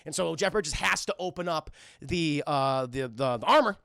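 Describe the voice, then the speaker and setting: A man with a high, gravelly voice talks through a film scene by scene for his live chat, animated and full of swearing. His tone is bright and edgy, and his restarts pile up as he rushes along. The sound is dry and close. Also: dry recording. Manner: animated, swears often, acts out lines in quick bursts; many fillers and restarts. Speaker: film reviewer streaming live. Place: home streaming setup.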